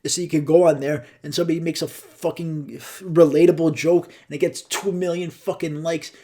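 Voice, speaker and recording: A male podcast host talks alone, rambling and swearing freely. His voice sits a little higher than most men's. He jumps from one complaint to the next in a loose, casual flow. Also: fairly even intonation, fairly quick, dark tone. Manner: profane, rambling rant. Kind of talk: solo podcast rant.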